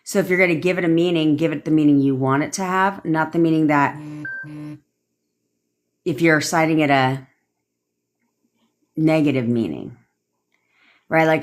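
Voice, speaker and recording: A woman's voice: low voice, moderate pace, long pauses. A woman manifestation coach giving blunt, rambling advice on a live stream, swearing freely as she reads and answers viewer comments.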